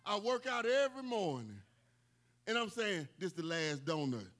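Male preacher, high ringing voice, emphatic sermon delivery with casual humor. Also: big pitch swings, normal speed. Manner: emphatic, repetitive call-outs, bursts of shouting.

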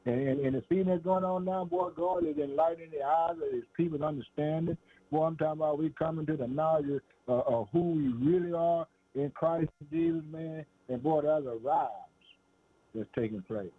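A man's voice: fairly high pitch, normal speed, slightly rough. A man preaching a sermon with fervent, call-out phrasing and frequent laughs. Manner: fervent, calls "boy" and "man", laughs between lines. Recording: tinny phone-like radio sound.

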